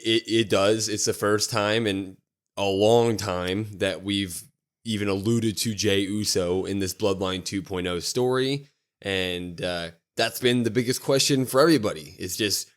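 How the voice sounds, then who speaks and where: A man co-hosting a wrestling podcast, telling events in an animated, casual recap that often quotes others. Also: fairly low pitch.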